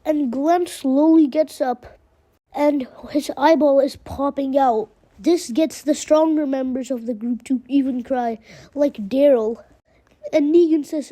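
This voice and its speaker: A woman's voice: high-pitched, measured pace, warm tone. A woman narrating a fan retelling in a plain, run-on casual way, chaining events with "and then". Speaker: storyteller.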